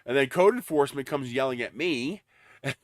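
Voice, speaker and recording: A man's voice: mid-range voice, lively intonation, moderate pace, dry recording, clean studio sound. A man hosting a live stream, telling a story in a casual, indignant way. He swears freely, laughs between lines and stumbles over repeated starts. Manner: lots of fillers and repeated starts. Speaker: livestream host.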